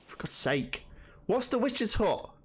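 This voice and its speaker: A man with commenting on a video game he is playing, excitable, jumpy and swearing often. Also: high voice, slow pace. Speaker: gaming channel host. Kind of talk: let's-play commentary.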